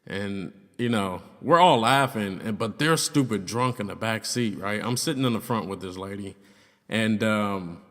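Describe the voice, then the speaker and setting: A man's voice: lowish voice, moderate pace, fairly bright tone. A young man casually telling a personal story, loose and profane, with lots of fillers. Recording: long reverb, hollow room sound.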